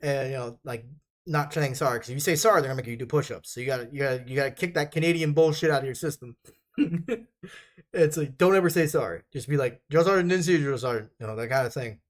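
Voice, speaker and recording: A man's voice: medium pitch, fast. Rambling, profane young man telling stories. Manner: rambling, profane, laughs often. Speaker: vlogger. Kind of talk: casual storytelling.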